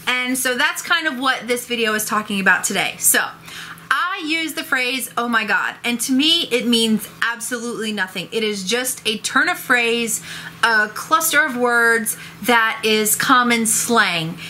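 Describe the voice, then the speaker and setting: A woman's voice: on the high side, measured pace, a little hiss or hum. A woman talking casually and expressively to the camera in a vlog. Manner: animated, expressive. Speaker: vlogger.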